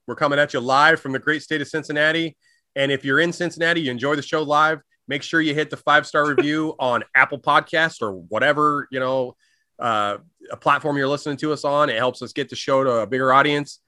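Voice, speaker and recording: A man's voice: fairly high pitch, steady tone, a little fast, sharp tone, dry recording. A man co-hosting a comedy podcast, joking and rambling in casual chat. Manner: joking, rambling, mock-preachy. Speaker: podcast co-host.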